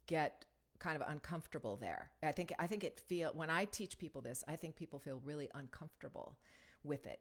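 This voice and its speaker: A woman teaching voiceover technique in a casual, conversational way, often checking in with a quick "right?". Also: low voice. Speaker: voiceover coach.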